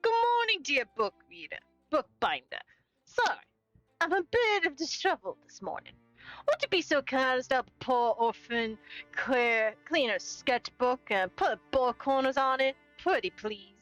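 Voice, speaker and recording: A woman's voice: high voice, sing-song, moderate pace, a bit bright, dry recording, soft background music, pitched above the performer's own voice. A woman voicing a poor, disheveled orphan girl who politely begs for help in a game. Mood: pleading. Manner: sugary, polite and begging.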